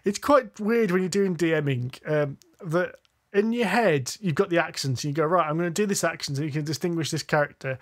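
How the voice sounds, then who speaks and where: A man's voice: a little high, brisk. A man, co-host of a tabletop gaming podcast, chatting casually and often correcting himself mid-sentence. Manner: rambling, self-correcting, goes off on tangents. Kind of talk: casual chat about tabletop games. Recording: podcast audio.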